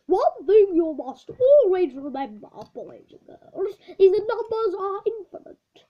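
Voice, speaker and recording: A woman voicing an old male maths teacher who lectures loudly and gets irritated easily. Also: very animated, measured pace, exaggerated voice. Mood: lecturing. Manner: loud, lecturing, rising pitch. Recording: dull lo-fi recording.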